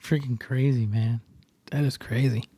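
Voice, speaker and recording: A man's voice: mid-range voice, fairly even intonation, normal speed, mellow, breathy edge, no echo, clean studio sound. A man hosting a podcast in casual chat, joking and laughing while he acts out silly scam calls. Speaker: podcast host.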